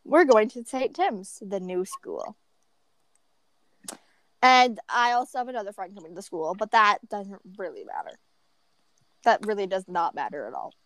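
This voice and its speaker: A woman in a casual storytime chat, rambling through an animated story and often giggling. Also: mid-range voice, normal speed, pauses often, no echo. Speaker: vlogger telling a story.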